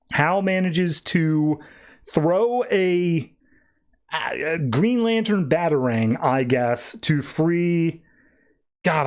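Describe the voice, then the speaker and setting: A man hosting a podcast, recapping a comic book issue in a loose, chatty way with plenty of fillers. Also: on the high side. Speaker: podcast host.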